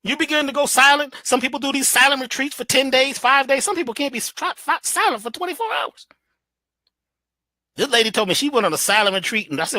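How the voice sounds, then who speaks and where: A guest speaker gives an animated motivational talk, emphatic and preachy, his pitch swinging wildly. His bright, forward tone is recorded close and dry with no room sound, and he talks a little fast.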